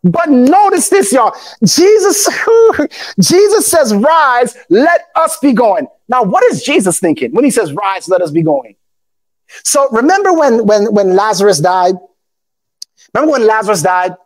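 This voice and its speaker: High-voiced man preaching with fervor. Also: sing-song, measured pace. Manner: call-and-response preaching, often bursts into shouts; reads scripture aloud in old formal English. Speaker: pastor. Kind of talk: sermon.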